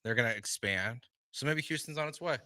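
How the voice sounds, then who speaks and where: A man's voice: medium pitch, brisk, sharp tone, no echo. A man co-hosting a sports talk radio show in a studio, with dry, joking remarks.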